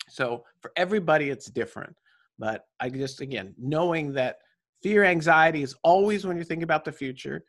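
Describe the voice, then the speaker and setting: Upbeat motivational man, slightly high voice. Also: a little fast. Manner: energetic, preachy, tag questions. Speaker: guest. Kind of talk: motivational conversation.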